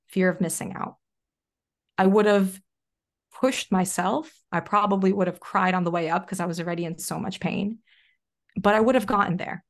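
A woman's voice: medium pitch, moderate pace. A young adult woman, a podcast guest, telling a personal story in a chatty way, full of "like" fillers. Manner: chatty, frequent "like" fillers, animated retelling. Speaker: podcast guest, self-leadership coach. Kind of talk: casual interview storytelling.

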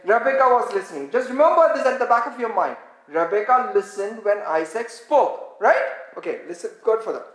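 A woman's voice: on the high side, lively intonation, brisk, hardly any pauses. A woman preaching a sermon, reading scripture aloud and having the congregation repeat words back to her. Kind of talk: interactive sermon, teaching with call-and-response. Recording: echoey room.

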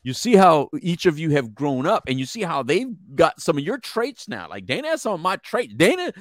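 A middle-aged man co-hosting a casual chat, animated and quick to laugh, stumbling over repeated words. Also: fairly high pitch, dry recording. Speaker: podcast co-host.

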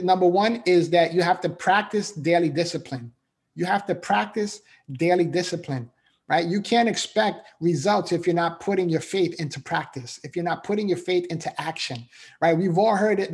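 Man with a slightly higher voice, earnest, emotional faith-based motivational speaker. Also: a little mellow. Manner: earnest, repetitive, emphatic, frequent "right?".

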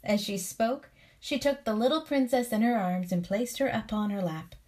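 A woman reading a classic story aloud in a calm, soothing way, giving each character expression. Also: a little high, moderate pace. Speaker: storybook reader. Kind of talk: calm read-aloud storytelling with relaxation cues.

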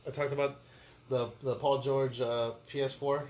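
Casual guy spinning a wild story, laughs a lot, soft background noise. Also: mid-range voice, normal speed. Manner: animated storyteller, acts out quotes, laughs often. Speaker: podcast co-host.

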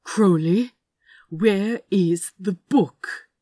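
A woman voicing a prim, formal gentleman who speaks in polite, clipped, insistent phrases. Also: lowish voice, takes it slowly, slightly rough, no echo, studio quality, full character voice.

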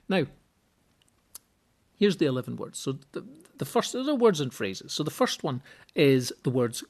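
A middle-aged man talks through ideas on his own podcast at a mid-range pitch. He explains step by step and often doubles a word while he thinks. His voice turns animated whenever he acts out what other people say. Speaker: podcast host and seminar speaker. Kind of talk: solo instructional podcast.

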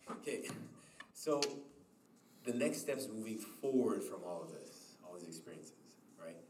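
A man's voice: fairly low pitch, lively intonation, measured pace, a little mellow. A man hosting a discussion podcast, speaking in an encouraging, reflective way. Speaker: podcast host. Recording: echoey room, distant mic, noisy.

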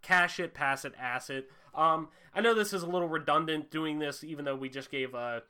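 A man's voice: a little high, moderate pace, bright, forceful tone, smooth. A young man hosting a casual gaming podcast, talking loosely and animatedly, swearing freely with lots of fillers. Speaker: podcast host.

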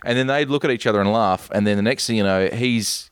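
A man co-hosting a casual film-review chat, retelling scenes with lively storytelling and acting out the characters' lines. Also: lowish voice, fast, clean tone, no room sound. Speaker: podcast co-host.

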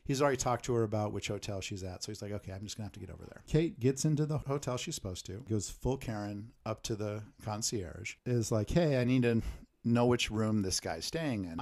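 A man's voice: lowish voice, a little mellow. A man co-hosting a podcast, casually recapping a film's plot and acting out the characters' lines. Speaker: podcast co-host.

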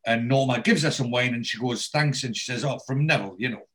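A man chatting casually, retelling television scenes and acting out the lines. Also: fast talker. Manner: animated storyteller, acts out quotes with jumps in pitch. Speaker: podcast host recapping a TV episode.

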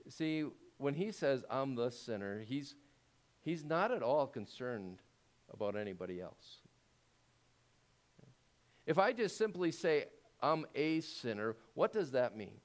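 A man preaching a sermon as pastor, talking conversationally and asking the congregation rhetorical questions, growing louder when he presses a point. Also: very animated, a little slow, long pauses. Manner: grows louder and higher when making a point.

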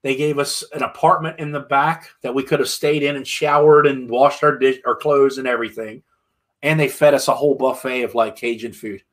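A man's voice: mid-range voice, brisk. Rambling man telling band road stories. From Pennsylvania. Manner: rambling, animated, many fillers and restarts. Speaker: musician guest. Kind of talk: casual storytelling.

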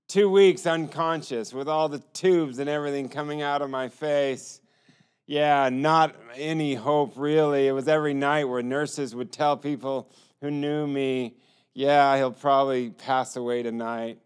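A man's voice: medium pitch, clear, resonant tone. A man telling his personal testimony in an earnest storytelling manner, acting out the lines of others. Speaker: testimony speaker.

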